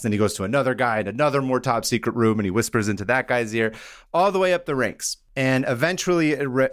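A man's voice: medium pitch, dry recording, studio quality. A young man hosting a casual podcast chat, telling a story in a rambling way with frequent laughs and jokey asides. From Iran. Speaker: podcast host.

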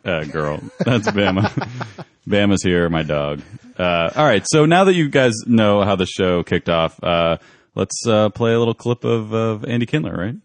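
Male podcast host, deep voice, easygoing chat, dry close-mic sound. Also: lively intonation, dry recording. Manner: easygoing, quick to laugh. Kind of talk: casual chat.

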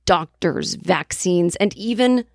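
Woman, podcast host, casual comic storytelling, acts out quotes, very lively pitch, dry close sound. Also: slow, dry recording. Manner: animated, acts out quoted voices.

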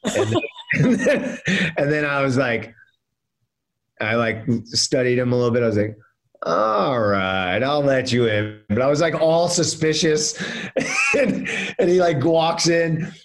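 A man, an actor guest in a casual interview, telling stories with many fillers and restarts. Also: mid-range voice.

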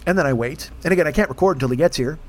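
Man, high voice, rapid-fire, profane comic rant, animated quoting. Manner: animated, quotes people in put-on voices. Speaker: podcast host.

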